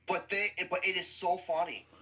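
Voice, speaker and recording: A man's voice: sits high, fairly even intonation, moderate pace, pushed and bright, low-quality recording. A man hosting a podcast who gives a blunt, profane movie review with explosive outbursts.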